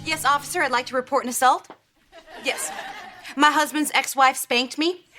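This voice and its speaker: A woman's voice: sits high, fairly even intonation, moderate pace, pushed and bright, soft background music. An actress playing a ditzy, flustered blonde woman who talks in a breathless, dramatic way.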